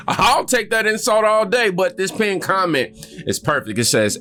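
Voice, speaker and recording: A male host commenting on news clips in a sarcastic, animated manner, breaking into laughter. His voice is bright and forward. Faint music sits under it. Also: a little high, a little fast, creaky. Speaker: reaction video host.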